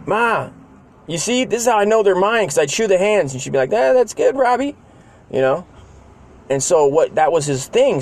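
Profane, rambling man in his forties. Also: slight background noise. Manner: animated, jumps into higher voices to quote people. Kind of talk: casual storytelling.

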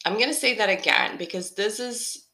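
Bright-voiced upbeat woman podcast host. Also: mid-range voice, moderate pace. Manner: upbeat, encouraging, repeats key phrases. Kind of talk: motivational solo podcast.

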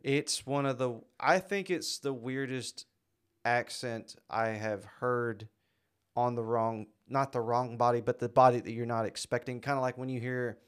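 A man's voice: medium pitch, fairly even intonation, a little slow, clear, resonant tone. A young adult man co-hosting a podcast, easygoing and chatty in casual talk. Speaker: podcast co-host. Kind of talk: casual chat.

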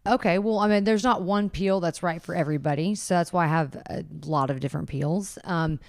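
A woman esthetician in a casual chat, explaining skin treatments in a relaxed way with frequent fillers. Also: on the low side, clear, resonant tone.

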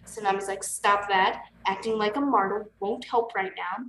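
A woman's voice: medium pitch, steady tone, moderate pace, fairly bright tone, slight background noise. A woman co-hosting a podcast, casually retelling book scenes and quoting the characters with "like". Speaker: podcast co-host. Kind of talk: casual book recap chat. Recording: echoey room.

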